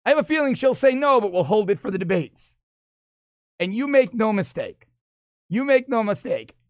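A man delivering an opinion monologue as a political commentator, animated and mocking, often laughing as he talks. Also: sits high, normal speed, dry recording, clean studio sound.

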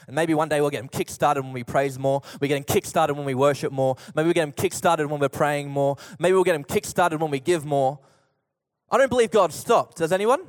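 A young man preaching a sermon as pastor, telling stories with lively acted-out voices. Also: fairly high pitch. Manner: animated storytelling preacher, acts out voices in anecdotes. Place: church auditorium. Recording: long reverb of a church hall.

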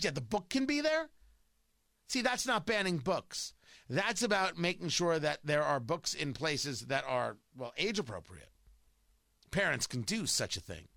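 A man hosting an opinion show, talking loud, combative and mocking. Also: sits high, dry recording, clean studio sound. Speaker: talk radio host. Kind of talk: opinion monologue.

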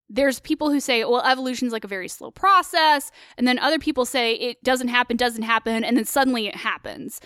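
A woman co-hosting a casual film discussion, animated and opinionated with quick asides. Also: high-pitched, smooth, no room sound, studio quality. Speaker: co-host of a film discussion show. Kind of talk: casual film commentary chat.

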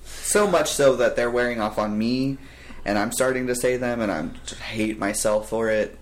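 A young man hosts a podcast, telling stories in a casual, animated way and laughing often. He speaks at medium pitch and a moderate pace.

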